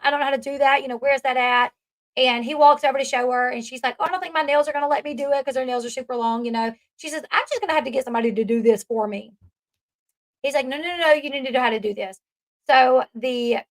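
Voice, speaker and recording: A woman's voice: high voice, a bit bright. A woman talks through a reality show episode. She chats casually and keeps laughing at the bits she finds funny. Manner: chatty, laughs at the scenes she retells. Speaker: commentary host.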